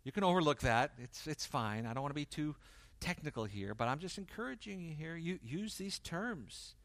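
A man preaching a sermon, swinging from loud emphasis to quiet intensity and acting out the dialogue he quotes. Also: fairly high pitch, animated, moderate pace, no echo. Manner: acts out quoted dialogue in varied voices. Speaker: pastor.

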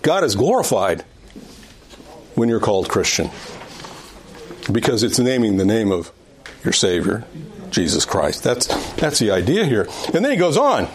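A man's voice: fairly low pitch, sing-song, unhurried, pauses often. Man teaching an adult Bible class. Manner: conversational, repeats and restarts phrases, stresses points. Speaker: adult Sunday school teacher.

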